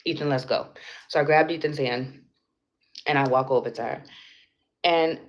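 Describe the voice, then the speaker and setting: A young woman vlogger livestreams from indoors at home, telling a story about her day with plenty of cursing, bluntness and filler words. She has a very deep, steady voice at a normal speed, captured in slightly dull lo-fi sound with a faint noise floor.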